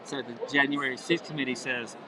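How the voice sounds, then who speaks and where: A man's voice: mid-range voice, steady tone, a little fast, a crowd in the background, poor audio. A man as a guest on a live stream, explaining his point in an insistent, argumentative way. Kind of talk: interview.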